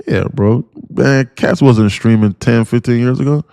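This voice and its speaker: A man's voice: medium pitch, vocal fry, warm tone, dry recording. A man streaming live as a day trading mentor, talking in a rambling, profane, casual way with lots of fillers. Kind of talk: casual livestream chat.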